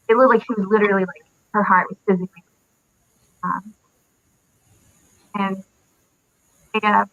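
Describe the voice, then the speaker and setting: Young woman in her twenties as an interview guest, halting and full of pauses, mid-pitched, dry phone-like sound. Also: sharp tone, dry recording. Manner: halting, many fillers and pauses. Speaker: interview guest, military widow. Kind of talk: emotional personal recollection. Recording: dry tinny phone-like audio.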